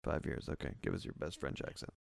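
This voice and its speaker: A man's voice: fast talker, dry recording, clean studio sound. A man hosting a casual beer podcast, loose and jokey, laughing often. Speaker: podcast host.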